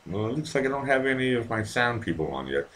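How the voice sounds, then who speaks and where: A man with a mid-range, slightly bright voice hosts his own live online show, very animated and talking quickly. He drinks while chatting casually with viewers, rambling, swearing a lot and responding to the chat.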